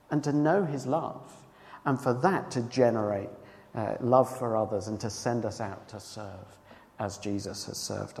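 Man preaching in a reverberant hall. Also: mid-range voice. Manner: emphatic, swings from loud cries to hushed, earnest tones. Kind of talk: sermon.

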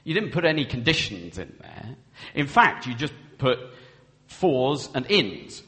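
Male preacher with a lively, gravelly voice, earnest sermon delivery, long reverb. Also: medium pitch, measured pace. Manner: earnest, acts out vows in quoted speech. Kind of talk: sermon on marriage.

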